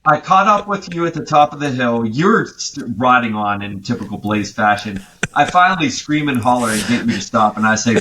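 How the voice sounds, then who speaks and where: A man co-hosting a podcast, telling an animated story in casual chat. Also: medium pitch, normal speed, low-quality recording. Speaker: podcast co-host.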